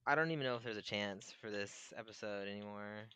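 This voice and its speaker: A man co-hosting a podcast, chatting while he plays a game. His voice is bright and forward, recorded close and dry, and he pushes back in a laughing, good-natured way. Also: fairly low pitch, fairly quick, smooth, no echo. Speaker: podcast co-host. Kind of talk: casual podcast banter while gaming.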